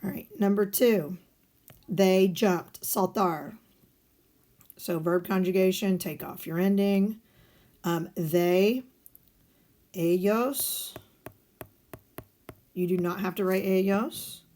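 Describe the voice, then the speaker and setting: Slow, patient woman teaching a lesson. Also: medium pitch, dark tone. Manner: step-by-step explaining, asks and answers her own questions. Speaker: Spanish teacher. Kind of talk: recorded video lesson walking through guided notes.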